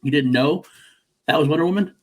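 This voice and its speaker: Man, podcast co-host, husky voice, rambling, enthusiastic, casual. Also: a little high, a little fast. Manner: enthusiastic, rambling, with restarts and swearing. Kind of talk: casual movie discussion.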